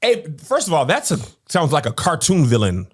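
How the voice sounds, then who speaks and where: A woman's voice: low-pitched, wildly swooping pitch, moderate pace, breathy edge. A woman podcast host in casual discussion, arguing her points with rhetorical questions. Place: podcast studio.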